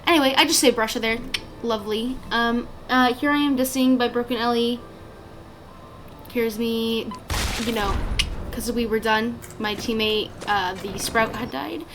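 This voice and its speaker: A woman's voice: a little high, steady tone, measured pace, noisy background. Chatty woman narrating her gameplay. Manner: chatty and rambling, many fillers and restarts. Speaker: gaming channel creator. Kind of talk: casual gameplay commentary.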